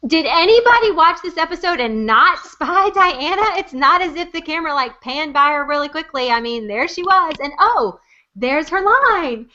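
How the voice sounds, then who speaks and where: Bright-voiced woman chatting casually. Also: high voice, normal speed, few pauses. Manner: animated, giggly, does impressions. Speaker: podcast co-host. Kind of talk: casual fan discussion. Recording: muffled lo-fi audio.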